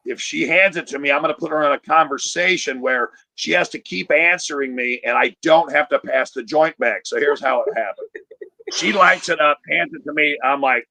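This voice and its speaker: A man's voice: fairly high pitch, normal speed, creaky, no echo. A man telling a profane, punchy stand-up story over a video call. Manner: profane, punchy, animated delivery. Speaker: comedian.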